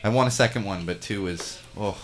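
A man's voice: lowish voice, brisk. A man in his thirties hosting a casual podcast chat, rambling, self-deprecating and laughing often. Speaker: podcast host. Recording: echoey room.

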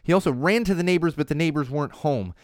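A man's voice: on the high side, fast talker, dry recording, studio quality. Chatty man hosting a talk show. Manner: chatty, rambling, self-interrupting. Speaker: show host. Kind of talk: casual live-stream talk show. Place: studio in Los Angeles.

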